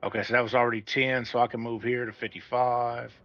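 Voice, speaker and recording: A man's voice: medium pitch, flat delivery, fast talker, a bit bright. Casual man player, dull mic. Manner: casual, swears when frustrated.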